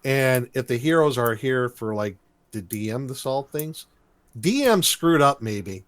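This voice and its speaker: A man co-hosting a casual podcast, talking through a cartoon episode in a loose, rambling way. His voice sits mid-pitch and is recorded close and dry, with no room sound. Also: animated, unhurried, no room sound. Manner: chatty, loose storytelling with many fillers. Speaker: podcast co-host. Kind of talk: casual cartoon recap chat.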